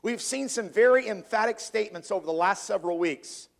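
A man preaching a sermon, reading scripture aloud in an old-fashioned cadence and slowing down to stress key words, often repeating words as he builds his point. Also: high voice, vocal fry. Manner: reads scripture in archaic cadence, slowing for emphasis.

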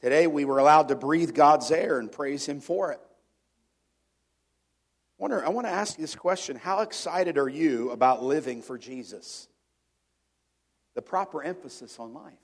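A middle-aged man with a notably high speaking voice preaches a sermon in church. He talks conversationally, throws questions out to the congregation and often repeats words as he finds his way. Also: moderate pace, long pauses. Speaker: pastor.

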